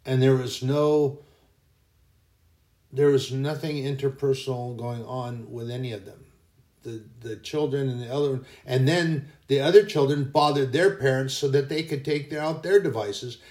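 A man's voice: medium pitch, steady tone, measured pace, a little mellow, roomy sound. A man hosting a casual faith podcast, telling anecdotes in a rambling way that often corrects itself. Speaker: podcast host.

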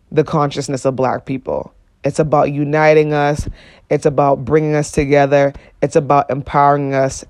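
A man's voice: medium pitch, a little mellow, no room sound, studio quality. A young man hosting a solo podcast, talking earnestly and casually with lots of "you know what I'm saying" fillers, rising when he stresses a point. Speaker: podcast host.

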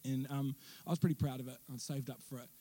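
A man's voice: medium pitch, steady tone, fast, dark tone. A young man preaching a sermon in church, telling stories animatedly with self-mocking asides. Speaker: pastor.

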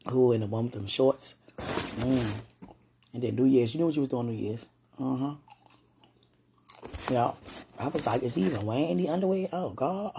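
A woman's voice: extremely low pitch, slight background noise. A woman talking casually to a loved one and to God, prayerful at times and given to fits of laughter. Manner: prayerful, swings from hushed musing to giggling excitement; laughs often, talks in fits and starts.

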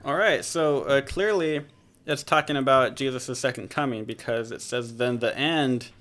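A man at a middle pitch hosts a relaxed Bible discussion, talking loosely and joking. He corrects himself often and keeps the tone conversational. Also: moderate pace. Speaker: podcast host.

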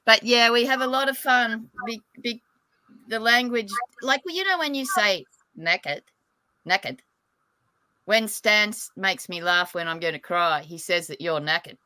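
A woman's voice: fairly high pitch, moderate pace, pushed and bright, smooth, dry recording. An Australian woman from Australia, chatting casually on a show and laughing often. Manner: giggly, chatty. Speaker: psychic medium guest. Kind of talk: casual chat.

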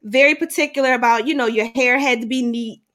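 A middle-aged woman telling a personal story in conversation, animated at times and quiet at heavy moments. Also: fairly high pitch. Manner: animated, acts out dialogue in quick bursts. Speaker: guest sharing a personal story.

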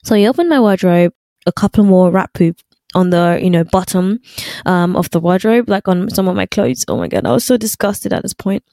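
A young woman vlogger telling a story in casual chat, animated and full of fillers. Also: fairly low pitch, a little fast, no echo.

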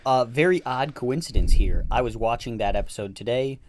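A man's voice: mid-range voice, brisk, slight background noise. A man co-hosting a podcast in casual chat, reacting with disbelief to his partner's stories. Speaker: podcast co-host.

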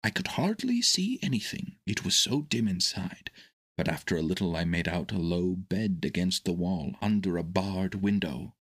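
A man narrating a children's storybook in a steady, expressive reading. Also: deep voice, moderate pace, breathy edge.

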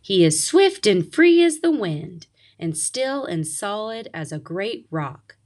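A woman voicing a wise ancient female turtle in a storybook reading, speaking slowly and gently. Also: mid-range voice, sing-song, exaggerated voice. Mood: solemn.

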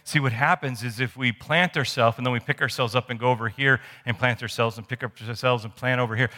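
In a church sanctuary with long hall reverb, a man preaches as pastor, his medium-pitched voice pushed and bright. His sermon is conversational and story-driven, full of restarts and asides.

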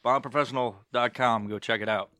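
A man's voice: medium pitch, fairly even intonation, fast, sharp tone. A man hosting a podcast in casual, rambling banter, joking and swearing freely. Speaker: podcast host. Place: outdoor live podcast setup.

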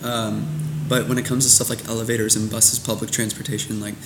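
A man's voice: fairly low pitch, level tone, brisk, reverberant, very noisy. A man, a photographer and filmmaker talking as a podcast guest in an easygoing, self-deprecating way. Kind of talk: casual interview chat.

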